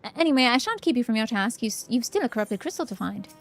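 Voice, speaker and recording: A woman's voice: a little high, sing-song, quick pace, soft background music. A woman voicing a fussy, pompous male scholar in a video game, reading with formal, old-fashioned speech. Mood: prim.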